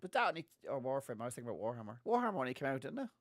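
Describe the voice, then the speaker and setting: A man co-hosting a gaming podcast, chatting casually and telling animated stories. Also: medium pitch, racing. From Ireland. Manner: chatty, animated storytelling with laughs. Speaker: podcast co-host. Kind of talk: casual chat.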